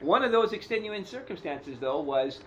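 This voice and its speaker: A man's voice: sits high, lively intonation, moderate pace, dull audio, a little hiss or hum. A man co-hosting a podcast in casual chat, teasing his partner and laughing often while he makes long, rambling points. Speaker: podcast co-host. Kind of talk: casual chat about motorcycle racing.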